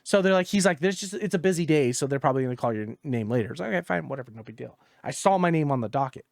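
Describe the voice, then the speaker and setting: A man co-hosting a gaming podcast, telling a story in casual chat, exasperated and profane, dropping low when he quotes others. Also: expressive, very fast, creaky, no echo, studio quality.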